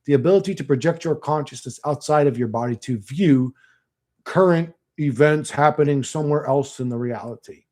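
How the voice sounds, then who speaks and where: On a casual livestream, a young man answers chat with a crude, profane rant, rambling in slang and breaking into mocking impressions. His voice is a little high and warm, at a normal speed.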